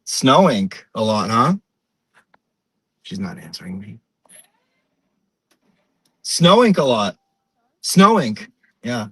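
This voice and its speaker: A man's voice: medium pitch, sing-song, fairly bright tone, breathy edge, no echo, heavily acted, poor audio. Auntie Deb: a man playing a chatty mom. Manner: rambling, gossipy, drawn-out. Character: chatty middle-aged Portuguese-American mom on her morning drive. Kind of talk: comedic character monologue.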